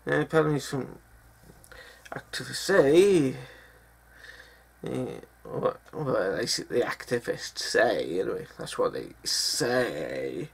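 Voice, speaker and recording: A man's voice: medium pitch, animated, takes it slowly, vocal fry, breathy edge. A man giving ranting news commentary in a vlog, swearing often as he goes. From Britain. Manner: profane, angry ranting with frequent swearing.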